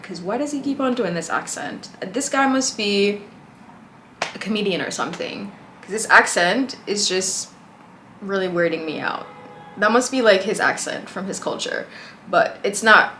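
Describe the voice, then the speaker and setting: Bright, blunt woman reacting. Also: medium pitch, a little hiss or hum. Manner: blunt, exasperated commentary with swearing. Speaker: reaction host. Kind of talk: reacting to a video.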